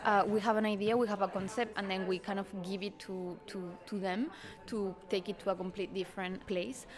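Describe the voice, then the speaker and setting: A woman's voice: medium pitch, fairly even intonation, brisk. A female fashion designer explaining her collection thoughtfully in an interview, with many fillers. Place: busy showroom at a cultural institute. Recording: showroom with clear crowd chatter.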